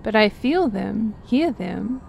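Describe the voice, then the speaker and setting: A woman voicing a haunted, possessed young male herder in a role-playing game, pleading in a broken, slow way. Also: medium pitch, animated, gravelly, a little mellow, a little hiss or hum, exaggerated voice.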